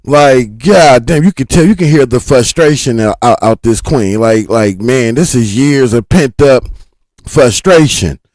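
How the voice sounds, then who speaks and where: Male host, mid-pitched, dry close sound, easygoing reaction commentary. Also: lively intonation, unhurried, darkish tone, no echo, rough recording. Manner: laid-back, chatty, supportive asides. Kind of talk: casual livestream commentary.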